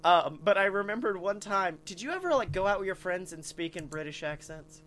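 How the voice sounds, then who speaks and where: A man's voice: high-pitched, a little fast. A man co-hosting a casual podcast, telling stories with lots of swearing and laughter. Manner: animated storyteller, swearing, laughing often. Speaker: podcast co-host.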